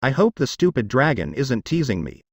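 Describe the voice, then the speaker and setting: A man's voice: medium pitch, very animated, a little fast, gravelly, husky, no echo, clean studio sound, heavily acted. A man voicing a badly wounded young man who is fleeing and pleads in a weak voice. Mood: desperate.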